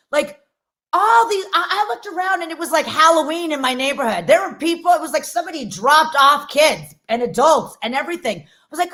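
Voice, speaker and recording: A woman's voice: sits high, fairly bright tone. A woman, a comedian doing a rambling, self-mocking stand-up set on a video call.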